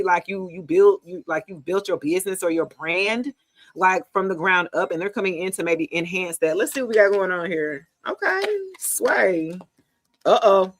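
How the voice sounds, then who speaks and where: A woman, giving a casual live tarot reading in a chatty, animated, slangy way, talking straight to her viewers. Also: medium pitch. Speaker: tarot reader.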